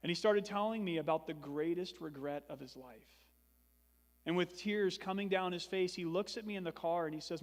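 Young guy pastor preaching, high voice, earnest and emphatic, big echoey church hall. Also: normal speed. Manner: earnest, building to emphatic repetition. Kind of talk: sermon.

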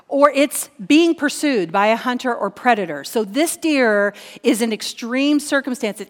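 A woman preaching a sermon, reading scripture aloud and then teaching from it, earnest and fond of repeating key phrases. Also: on the high side. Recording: long hall reverb.

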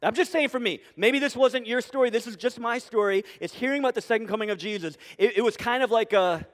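Pastor guy preaching, fairly high voice, jokey and animated, asks the crowd lots of questions, long echo like a big church hall. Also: quick pace. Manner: animated, humorous, conversational preaching with rhetorical questions. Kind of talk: sermon.

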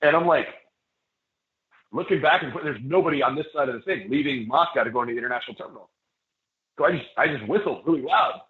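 A man on a casual podcast telling a laid-back story, wandering through fillers and restarts. His voice sits at a middle pitch. It sounds echoey and squeezed thin, as if coming over a phone line. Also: animated, quick pace. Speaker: professional wrestler guest.

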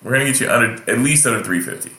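A man's voice: mid-range voice, rapid-fire, pushed and bright. A man telling a long story in casual chat, rambling with many fillers and restarts. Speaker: guest. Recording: echoey room.

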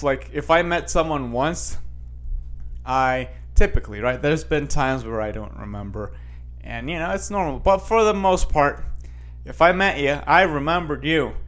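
A man's voice: fairly high pitch, fairly bright tone. Rambling man chatting to viewers. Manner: rambling with many restarts and fillers; talks straight to viewers. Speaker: vlogger. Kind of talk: casual chat reading news headlines.

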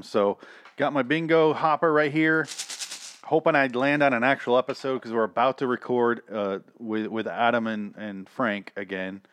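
A man's voice: mid-range voice, a bit bright, dry recording. A man giving casual, rambling, sarcastic review commentary on cartoon episodes, swearing freely.

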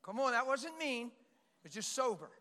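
Impassioned high-voiced male preacher. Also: sing-song, moderate pace. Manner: impassioned preaching, swinging from shouting to hushed. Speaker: pastor. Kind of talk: sermon. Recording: long hall reverb.

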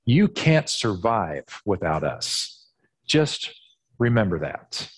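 A man's voice: on the low side, very animated, slow, slightly rough, pitched below the performer's own voice, heavily acted. A man voicing a stern crowd that shushes and scolds a beggar in a condescending tone. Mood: scolding. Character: stern hushing crowd of townsmen.

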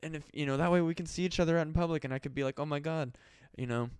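A man's voice: a little high, rapid-fire, a little mellow, smooth, no echo. A man hosting a solo podcast, rambling and swearing with mock-desperate pleading. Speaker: podcast host. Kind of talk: casual solo podcast rant.

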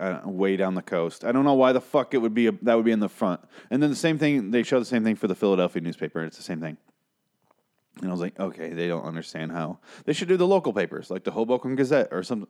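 A man's voice: on the low side, a little mellow. Rambling, exasperated guy ranting. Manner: exasperated, profane, rambling with frequent asides. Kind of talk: casual rant about an old TV episode.

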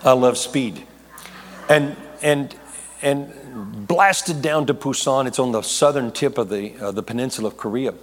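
In a large hall with long reverb and slight background noise, a man preaches at a measured pace in a medium-pitched voice. His sermon is a personal story told with animation, full of jokes, restarts and repeated words as he rambles.

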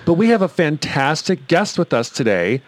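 A man's voice: fairly high pitch, sing-song, moderate pace, no room sound. A man co-hosting a chat show, theatrical and gushing, calling people darling. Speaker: podcast co-host. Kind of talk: casual chat.

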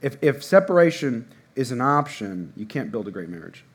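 A man in his thirties preaching a sermon in a church, casual and conversational with sudden loud bursts. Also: medium pitch, very animated, normal speed, breathy edge. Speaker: pastor. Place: church hall before a congregation.

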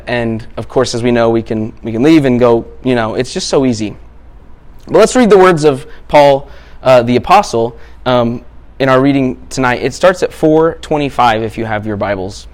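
Male preacher, easygoing sermon delivery with casual asides and small restarts. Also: medium pitch. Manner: conversational, self-deprecating, with asides and restarts.

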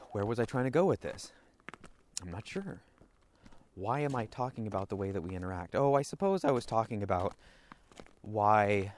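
A man's voice: low-pitched, slight background noise. A man hosting a solo podcast, rambling and interrupting himself, slipping into little acted-out quotes, speaking as a parent. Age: adult parent. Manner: rambling, self-interrupting, acts out quoted voices. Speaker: podcast host.

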